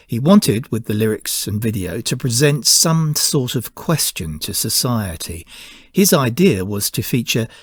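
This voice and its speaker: A man hosting a music podcast, reading scripted narration in a measured, informative way. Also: mid-range voice, breathy edge, no echo, studio quality. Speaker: podcast host.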